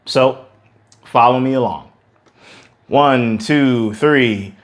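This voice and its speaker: An emphatic male vocal coach explains singing technique straight to his students. He leans on repeated words for stress. Now and then he drops into a quick sung demonstration before going back to talking. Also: medium pitch. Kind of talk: singing lesson to camera.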